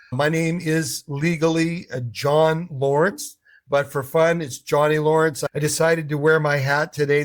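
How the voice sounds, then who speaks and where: A middle-aged man coaching English learners in a casual talk to camera. His voice sits a little high for a man, and he tells stories with energy, acting out the people in them. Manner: animated storyteller who acts out voices.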